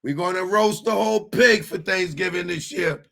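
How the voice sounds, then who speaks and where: A man's voice: high voice, normal speed, gravelly, sharp tone, pitched above the performer's own voice, full character voice. A man voicing a scheming Italian-American mafia man with conspiratorial, wheedling mob-boss talk.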